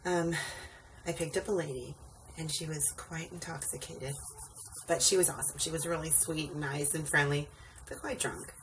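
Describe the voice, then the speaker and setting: A woman's voice: low-pitched, steady tone, moderate pace, fairly bright tone. A woman rideshare driver telling a rambling story in a casual vlog, full of ums and asides, tired late at night. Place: indoors at home, sitting on a wobbly stool. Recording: distant mic with faint background noise.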